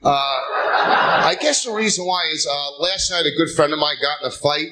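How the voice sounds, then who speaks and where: A tired stand-up comedian on a club stage fires off punchy short jokes, tagging them with "okay?" and "right?". His fairly high voice has lively intonation and a moderate pace. The live show recording carries crowd noise and a loud laughing audience.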